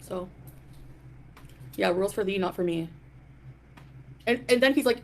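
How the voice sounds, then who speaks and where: A woman's voice: on the high side, moderate pace, pauses often. A woman hosting a live stream, ranting in a defiant, dismissive way and greeting chat viewers. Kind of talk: casual live stream rant.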